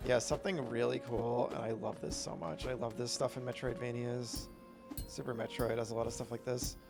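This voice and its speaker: A man's voice: medium pitch, flat delivery, brisk, gravelly, music in the background. A man streaming a video game, chatting casually with rambling, upbeat commentary. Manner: rambling, self-correcting, upbeat.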